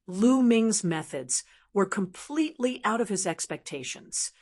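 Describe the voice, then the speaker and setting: A woman narrating a fantasy audiobook in an even, steady reading voice. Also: medium pitch, a little slow. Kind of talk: scripted narration.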